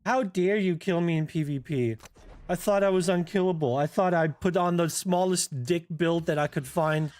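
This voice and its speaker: A man putting on the voice of a whiny male gamer with a fragile ego, in a mocking drawn-out whine. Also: a little high, a little mellow, lightly acted.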